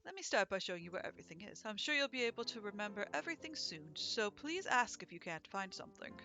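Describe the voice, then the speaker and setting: A woman voicing a gentle, elegant male bird who owns a cafe, speaking softly, politely and formally. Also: mid-range voice, very animated, fast, creaky, heavily acted.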